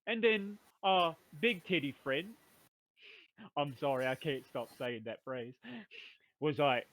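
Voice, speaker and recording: A man's voice: medium pitch, moderate pace, a bit bright. Rowdy man recapping a tabletop game. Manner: playful rough-talking brute drawl, "me brother", "we was". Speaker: player recapping the session.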